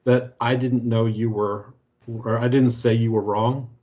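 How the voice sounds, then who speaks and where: A man moderating a corporate training webinar over a video call, easygoing and halting, with many fillers. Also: medium pitch, flat delivery, a little mellow. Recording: muffled video-call audio.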